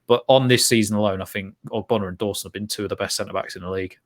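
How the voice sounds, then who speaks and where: A man co-hosting a casual football chat, animated and laughing often, restarting his sentences. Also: on the low side, racing. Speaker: football podcast co-host.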